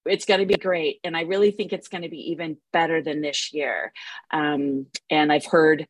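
A woman's voice: sits low, steady tone, normal speed, no echo. A woman on a group call, talking in a rambling, encouraging way about next year's conference.

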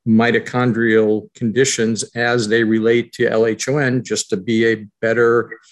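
A man's voice: mid-range voice, flat delivery, unhurried. A man in a support group video call, explaining at length with many restarts and repeated words. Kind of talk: casual video call chat.

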